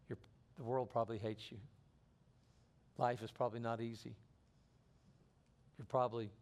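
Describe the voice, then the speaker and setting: A man's voice: lowish voice, darkish tone. A middle-aged man preaching a sermon in an earnest way, often restarting and repeating phrases. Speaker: pastor.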